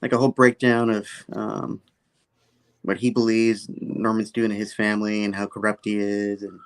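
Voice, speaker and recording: Speaking at normal speed in a completely flat delivery, this man has a lowish, clean-toned voice. He rambles through a casual recap of a comic book plot, packed with fillers and offhand "he's like" quotes from the characters.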